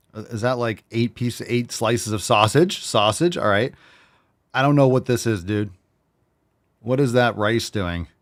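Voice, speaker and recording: A podcast host with a low-pitched male voice, rambling through casual chat. He swears freely and jokes as he goes, jumping from tangent to tangent. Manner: rambling, profane, jokey.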